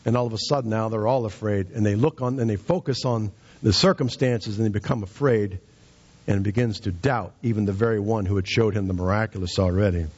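A man's voice: fairly low pitch, fairly quick, darkish tone, husky, dull audio. A man preaching a sermon with emphatic, rising and falling delivery.

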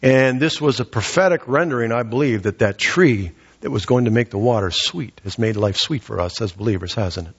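A man's voice: medium pitch, fairly quick, few pauses, slightly rough. A man preaching a sermon in a conversational way, asking rhetorical questions and voicing the people he quotes. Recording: dull lo-fi recording in a reverberant hall.

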